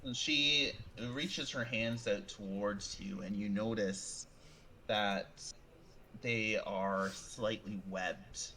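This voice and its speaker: A man with a low voice narrates a tabletop horror scene as game master. His narration rambles, with frequent fillers and restarts. A faint hiss sits behind him. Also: steady tone, slow pace, bright, forceful tone, poor audio.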